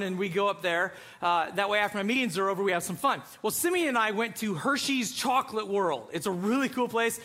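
High, bright-voiced storytelling pastor. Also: male voice. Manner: animated storytelling, acts out voices. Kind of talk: sermon.

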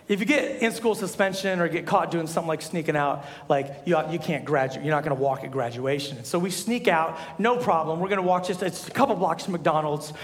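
A young man preaching a sermon as a pastor, telling stories with animated energy and rising to shouts. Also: high-pitched. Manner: animated storytelling, rises to shouts. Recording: echoey hall.

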